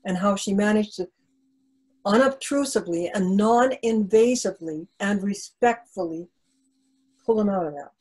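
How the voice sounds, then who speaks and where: A woman's voice: medium pitch, darkish tone, breathy edge, rough recording. An older woman author answering interview questions over a video call, talking in an earnest, reflective way with frequent restarts.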